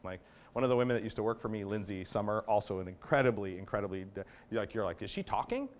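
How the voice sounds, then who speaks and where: His voice is lowish and steady, and he talks fast. The speaker is a dog trainer delivering a chatty workshop lecture, explaining points, frequently checking in with listeners and voicing commands in a range of tones.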